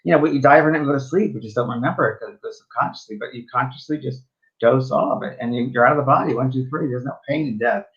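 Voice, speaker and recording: A man's voice: mid-range voice, very fast. Guy medium rambling thru stories, lots of ums, kinda muffled lo-fi sound. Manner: rambling anecdotes with many fillers and restarts. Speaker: spiritual medium co-host. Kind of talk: casual storytelling chat.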